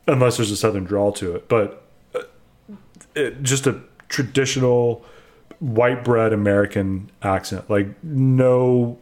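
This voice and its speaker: A man's voice: lowish voice, darkish tone. A young man co-hosting a casual chat, giving an opinionated game review and explaining at length. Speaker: co-host reviewing a video game.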